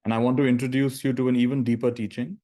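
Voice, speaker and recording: A man leading a guided meditation talk, gentle and conversational, speaking in slow phrases with long pauses. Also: mid-range voice, flat delivery. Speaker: meditation teacher.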